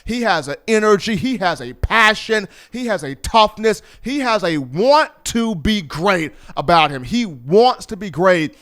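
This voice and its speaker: A man hosting a sports talk show, talking in an animated, playful storytelling manner. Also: sits high, a little slow, hardly any pauses. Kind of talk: energetic sports talk commentary.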